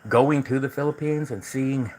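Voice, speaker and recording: A man's voice: medium pitch, moderate pace, a little mellow, slight background noise, poor audio. A man hosting a casual livestream, talking in a loose, rambling way that is full of repeated words and restarts. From United States. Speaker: livestream host.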